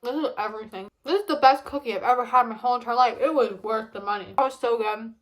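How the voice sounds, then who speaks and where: A woman's voice: on the high side, fast. A young woman vlogging casually, rambling chattily with lots of fillers while reviewing food.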